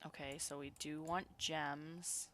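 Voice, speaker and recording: A woman streaming a game, excitable and swearing freely, muttering card counts and reading the story text aloud. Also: low voice, slow, slight background noise.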